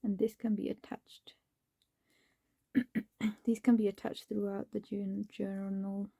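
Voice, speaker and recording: A woman's voice: medium pitch, little pitch movement, slow pace, gravelly, mellow, husky, no echo. A woman chatting to herself as she crafts, often dropping into a whisper. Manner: chatty, talks to herself while working, drops into whispers. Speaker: crafting vlogger. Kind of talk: casual crafting commentary.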